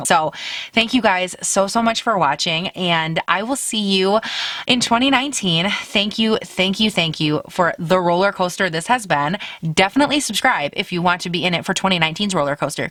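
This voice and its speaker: A woman's voice: lowish voice, fairly bright tone, no echo. A woman in her late twenties, a beauty YouTuber chatting casually to her viewers from her bedroom, upbeat and talkative, calling her audience "girl.". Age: late 20s. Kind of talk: casual vlog chat to camera.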